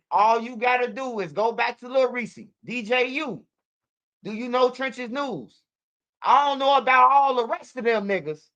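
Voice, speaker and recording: A woman hosting her channel, telling stories in casual, profane, repetitive livestream commentary. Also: medium pitch. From Chicago. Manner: profane, repetitive, animated storytelling. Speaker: channel host.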